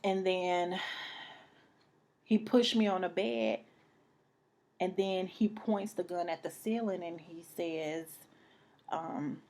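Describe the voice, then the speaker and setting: A young woman telling a personal story to camera, halting and emotional, repeating herself and sometimes dropping to a near whisper. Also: lowish voice, fairly even intonation, darkish tone. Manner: repeats phrases, many restarts.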